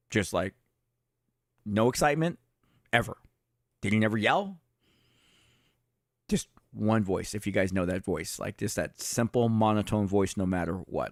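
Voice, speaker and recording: This man in his fifties, a retired police chief, tells stories during a casual livestream chat, speaking in a fairly low voice. He addresses his viewers directly in a conversational way and swears now and then. The studio-quality recording has no echo.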